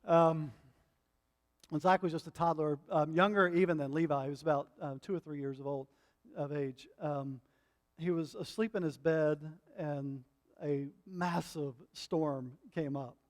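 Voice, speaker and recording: A middle-aged man preaching a sermon as pastor, impassioned and building to loud repeated refrains, often checking in with the congregation. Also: on the high side, fairly even intonation, measured pace. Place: church sanctuary. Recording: long hall reverb.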